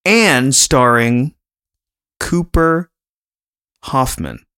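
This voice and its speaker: A man's voice: mid-range voice, lively intonation, drawn-out words, pushed and bright, smooth. A man co-hosting a casual podcast, talking in a chatty, rambling way and laughing often. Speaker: podcast co-host.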